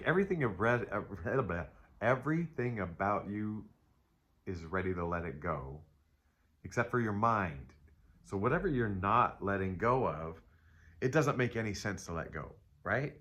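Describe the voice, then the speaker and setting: A man's voice: on the low side, fairly bright tone. A man giving a casual spiritual tarot reading, rambling and joking with himself as he talks. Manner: rambling, self-interrupting, playful asides. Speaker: tarot reader.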